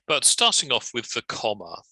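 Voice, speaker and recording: A man teaching grammar and punctuation in a relaxed lecture, with a chatty manner and casual asides. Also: mid-range voice, normal speed, dry recording, rough recording. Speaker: legal writing trainer. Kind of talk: instructional lecture.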